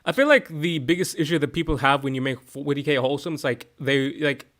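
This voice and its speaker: A young man streaming from home, chatting casually, excitable and rambling, swearing often and restarting his sentences. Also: on the high side, fast talker. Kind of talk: casual chat.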